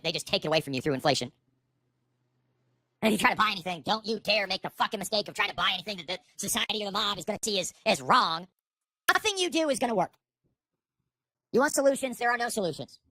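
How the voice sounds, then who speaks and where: A man's voice: sits high, sharp tone, no echo, clean studio sound. A middle-aged man livestreaming from home, ranting bitterly and profanely about his life through a streaming microphone. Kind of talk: livestream rant. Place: at home, seated. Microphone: streaming microphone with auto gain.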